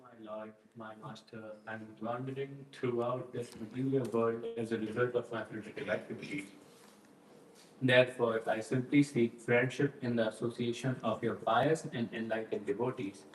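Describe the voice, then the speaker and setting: A man's voice: medium pitch, steady tone, normal speed. Man reading aloud in an echoey room. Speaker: class participant reading aloud. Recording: echoey room, faint noise.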